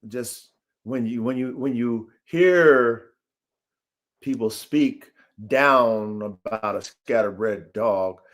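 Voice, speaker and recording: A man hosting a live-streamed dog-breeding podcast, talking in an emphatic, profane, preachy way. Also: mid-range voice. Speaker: podcast host. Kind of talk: casual podcast discussion. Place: home studio on a live stream.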